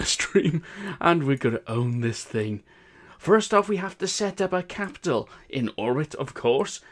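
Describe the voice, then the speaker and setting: A man with a Welsh accent hosting a game live stream in casual, upbeat chat and laughing often. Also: medium pitch.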